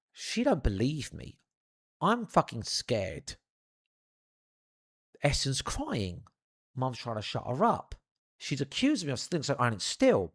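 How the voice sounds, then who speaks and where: A young man telling a funny childhood anecdote in an animated, profane, theatrical way. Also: mid-range voice, measured pace, pauses often, breathy edge. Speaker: storyteller. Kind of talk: comedic anecdote.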